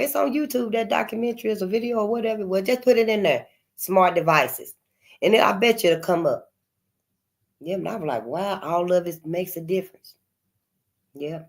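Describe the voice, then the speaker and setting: A woman hosting her channel, talking in impassioned commentary with frequent cussing and sudden swings from loud outbursts to quiet asides. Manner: emphatic, colloquial, cusses freely, swings between loud outbursts and low asides. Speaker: channel host.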